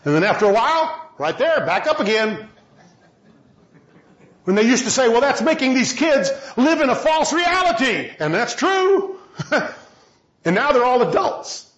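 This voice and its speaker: A man preaching a sermon with passion, moving between loud shouting and low, quiet lines. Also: very animated, measured pace, pauses often, roomy sound, highs cut off.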